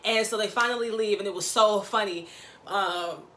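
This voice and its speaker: A woman recapping a reality show in a gossipy, slangy, animated chat, acting out quotes. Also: medium pitch, moderate pace, a little hiss or hum.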